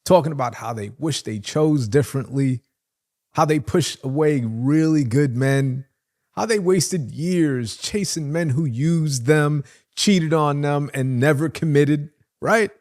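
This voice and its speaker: A man's voice: a little high, measured pace, darkish tone. A man hosting a reaction video, lecturing in a preachy, emphatic way. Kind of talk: reaction commentary.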